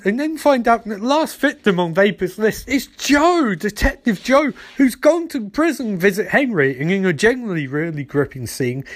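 High-voiced man doing a wry recap. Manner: rambling, wry, acts out the characters. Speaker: TV episode recapper. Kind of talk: casual comedic recap.

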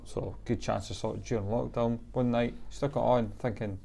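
A man hosting a casual film podcast, relaxed and quick to agree. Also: mid-range voice, gravelly. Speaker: podcast host.

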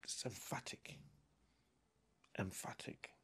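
A man preaching a sermon, emphatic and deliberate, with fervent raised passages. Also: deep voice, gravelly, a bit bright, breathy edge.

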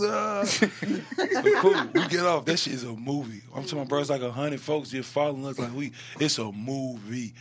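A man chatting as a podcast guest, telling animated stories about his marriage with loud, laughing bursts. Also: mid-range voice, moderate pace. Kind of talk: casual storytelling chat.

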